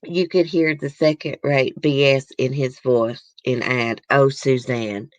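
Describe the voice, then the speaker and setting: A very deep female voice, measured and a little mellow, hosting a casual chat where she reacts emotionally to news clips. She's chatty and talks to viewers directly, on dull audio without echo.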